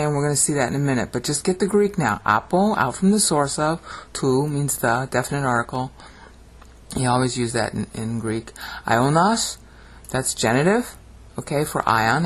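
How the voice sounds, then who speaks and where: A Bible language teacher giving a video lesson, explaining word by word, often checking in with "okay?" and chanting ancient phrases with dramatic rising emphasis. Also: mid-range voice. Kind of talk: video lesson on screen slides.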